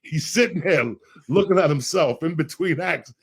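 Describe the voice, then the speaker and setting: A middle-aged man hosting a podcast, a loud, profane storyteller with a gravelly, husky voice. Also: fairly high pitch, moderate pace. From Cuba. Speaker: podcast host.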